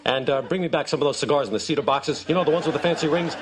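A man voicing a blustery, rambling older baseball team owner in a sitcom clip, talking quickly and drifting off the subject. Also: on the high side, pitched above the performer's own voice, lightly acted. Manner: rambling, distracted, quick talk. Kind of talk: sitcom acting, voice heard off-camera. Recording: TV clip with steady background noise.

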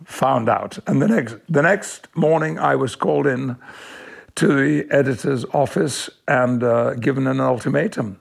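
An older man from Yorkshire, an actor, telling measured, thoughtful anecdotes in an interview. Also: mid-range voice, vocal fry, slightly rough. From Yorkshire, England. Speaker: actor, guest. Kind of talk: reflective interview storytelling.

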